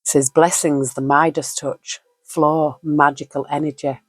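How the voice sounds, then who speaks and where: A woman's voice: sits low, flat delivery, measured pace, breathy edge, dry recording. A woman giving a casual spoken tarot reading, chatty and musing, with frequent fillers and easy laughs. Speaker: tarot reader.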